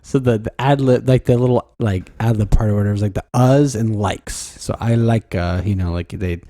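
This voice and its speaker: A man's voice: fairly low pitch, fairly quick, dark tone, no room sound, studio quality. A man hosting a casual podcast, easygoing and rambling with fillers and frequent laughter. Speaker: podcast host. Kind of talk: casual chat.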